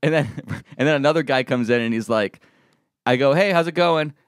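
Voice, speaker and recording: A man co-hosting a casual comedy podcast, telling stories in a lively, joking way. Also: mid-range voice, moderate pace, dry recording, clean studio sound. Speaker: co-host.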